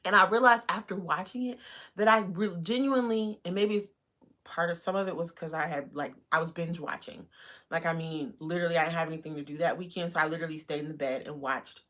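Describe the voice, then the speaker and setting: A woman hosting a live stream, chatting casually and rambling with lots of fillers. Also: quick pace. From United States. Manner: greets viewers in a bright high voice. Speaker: livestream host.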